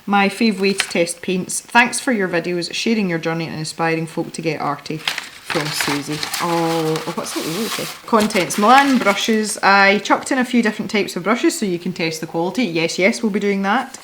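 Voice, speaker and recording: A woman's voice: fairly low pitch, normal speed, fairly bright tone, slight background noise. Giggly chatty woman unboxing art supplies. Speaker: art supply channel host. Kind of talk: casual unboxing chat.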